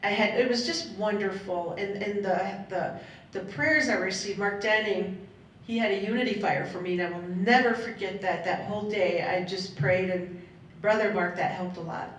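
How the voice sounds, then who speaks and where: A woman's voice: normal speed, a bit bright. A middle-aged woman telling her personal story to a panel audience, heartfelt and rambling, laughing between thoughts. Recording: echoey hall, voice from a distance, faint rumble.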